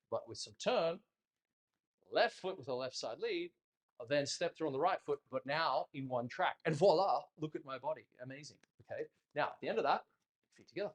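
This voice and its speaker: A man teaching a dance class in a studio, talking casually and in an animated way, joking bluntly and swearing now and then. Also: mid-range voice. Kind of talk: casual instructional talk.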